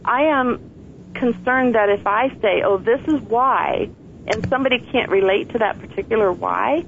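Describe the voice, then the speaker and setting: A woman author, appearing as a guest in an interview, speaks in a fairly high voice with vocal fry at a moderate pace. She comes across as earnest and reflective, now and then laughing softly. The phone line is tinny, with a faint hiss.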